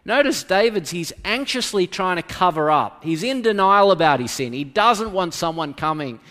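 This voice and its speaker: A man with a somewhat raised voice delivers a church sermon. He moves between forceful, emphatic lines and soft, hushed passages. The hall adds a long, lingering reverb to every word. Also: sits high, expressive, normal speed. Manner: dramatic swings between loud emphasis and hushed quiet. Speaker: pastor.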